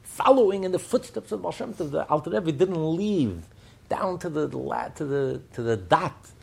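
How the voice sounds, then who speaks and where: A man's voice: a little high, expressive, normal speed, creaky, husky. A man giving a Chassidic Torah lesson, firing rhetorical questions and telling stories. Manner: fires rhetorical questions, storytelling. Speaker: Torah teacher.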